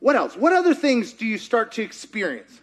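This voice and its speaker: Very high-voiced joking male preacher. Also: huge pitch swings, normal speed, a bit bright. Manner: joking, asks the congregation questions. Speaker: pastor. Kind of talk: sermon. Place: church before a congregation.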